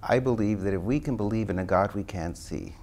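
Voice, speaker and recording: A man's voice: on the low side, brisk, a little mellow. A man being interviewed as an author, telling stories animatedly and acting out the dialogue he quotes. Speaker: guest author. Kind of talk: interview storytelling.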